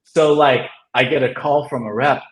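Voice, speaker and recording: A man's voice: medium pitch, fairly even intonation, moderate pace. Man telling a rambling story in a roomy echo. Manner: rambling, heavy use of "like", laughs often. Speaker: comic writer guest. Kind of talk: casual storytelling.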